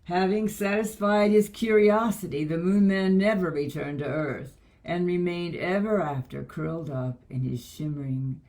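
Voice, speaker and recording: A woman reading a children's book aloud in a gentle, measured way. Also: fairly low pitch.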